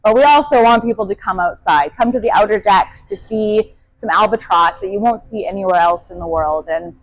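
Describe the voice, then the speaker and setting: A woman's voice: medium pitch, fairly quick, dry recording, low-quality recording. A young adult woman, a kayak guide, answering interview questions in a friendly, chatty way with frequent fillers and laughs. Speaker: kayak guide on expedition ship.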